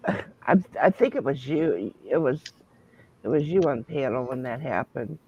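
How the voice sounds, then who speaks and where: A man's voice: medium pitch, lively intonation, a little slow, husky. Man teasing over a lo-fi line. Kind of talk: casual chat. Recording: lo-fi line with faint noise.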